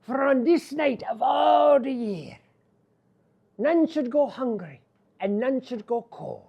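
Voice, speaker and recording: A knowing little fairy man with an Irish lilt explains gently and softly, as an Irish storyteller puts him on. He sounds patient and kindly, like a fairy in a spoken storybook. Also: very high-pitched, animated, takes it slowly, creaky, husky, highs cut off, voice pushed up, exaggerated voice. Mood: explaining.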